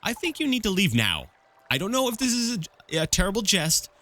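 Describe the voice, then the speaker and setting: Brief: male reader doing a startled young woman, high and sharp. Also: huge pitch swings, a little fast, heavily acted. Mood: alarmed.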